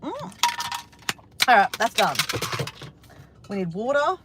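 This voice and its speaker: An Australian woman chatting excitedly in a casual vlog, swearing now and then, outdoors by the ocean on a windy day. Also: a little high, slow. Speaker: vlogger.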